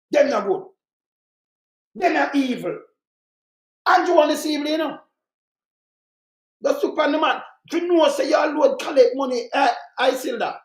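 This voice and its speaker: Fiery Jamaican commentator, roomy echo. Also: high-pitched. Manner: fiery, repetitive, rants in Jamaican patois. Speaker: political commentator. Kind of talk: heated commentary monologue.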